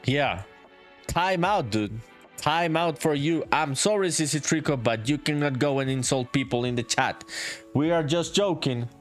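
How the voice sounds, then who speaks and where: A man's voice: fairly high pitch, animated, unhurried, soft background music. A man live-streaming his game development, chatting casually with viewers, reading their messages aloud, laughing often, swearing and saying "dude" a lot. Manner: reads chat messages aloud.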